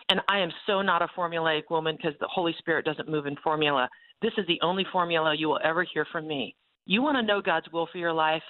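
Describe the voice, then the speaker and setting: A woman's voice: sits low, fast. A woman author sharing a faith testimony as an interview guest, telling her story expressively with frequent laughter. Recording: phone-like line.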